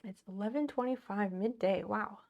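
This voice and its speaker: A woman streams from her home office in a loose, chatty way. She talks to her viewers while she sorts things, thanks them warmly by name and breaks into laughter often. Her voice sits at an ordinary middle pitch for a woman. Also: moderate pace. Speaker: livestreamer. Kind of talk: casual livestream chat while doing home chores.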